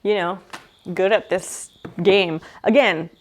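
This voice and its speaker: A woman's voice: mid-range voice, slow. A woman chatting casually with her live-stream viewers while she restores a table, joking and guessing names. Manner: chatty, joking, talks to chat while working.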